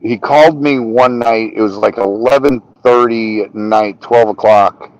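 A man's voice: medium pitch, a little slow, a little mellow, dry recording, rough recording. Man telling stories on a dry mic. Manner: swearing, anecdotal, laughs while telling. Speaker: podcast guest, reptile keeper. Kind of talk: casual storytelling.

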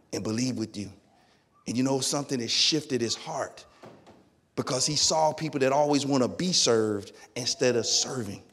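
A middle-aged man preaching a sermon as pastor, in a lively, colloquial storytelling manner that acts out the dialogue. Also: mid-range voice, slightly rough. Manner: lively storytelling, acting out dialogue in his own voice.

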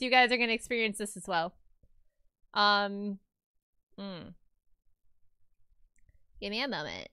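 A bright, crisp-voiced woman streaming live, chatting with her viewers as she draws. Her pitch leaps around in an animated, playful way, and she laughs easily and reacts loudly to comments. The sound is close and dry on a desk microphone. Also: dry recording. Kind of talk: casual live-stream chat while drawing.

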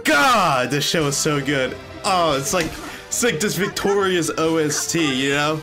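Excitable young man reacting, music behind. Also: fairly high pitch, measured pace. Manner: excitable, emotional, says "bro" a lot. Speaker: anime reaction YouTuber. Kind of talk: casual reaction commentary. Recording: anime audio and music playing behind. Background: show soundtrack music.

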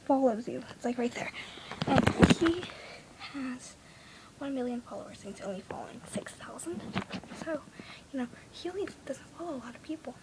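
A woman's voice: high voice, moderate pace, very noisy. A fourteen-year-old girl vlogging from her bedroom, breathless and giddy, often dropping into whispers. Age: teens. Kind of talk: excited fangirl vlog. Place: bedroom at home.

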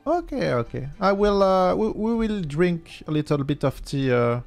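French man with a lively voice. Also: high voice, vocal fry, soft background music. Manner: halting, repeats words while searching for English. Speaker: game streamer. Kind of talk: casual gameplay chat.

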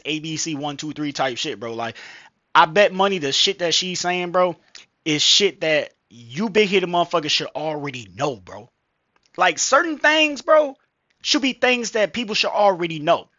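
A man's voice: fairly high pitch, sharp tone, no room sound, muffled recording. A man vlogging casually into a headset mic, rambling with slang, profanity and lots of fillers. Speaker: vlogger reacting to a video. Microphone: gaming headset microphone.

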